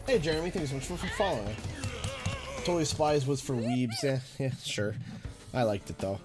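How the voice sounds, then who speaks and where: Over music, this young Canadian-accented man streams a game, chatting away, thanking his viewers and grumbling under his breath about the gameplay. His mid-range voice is expressive and moderately paced.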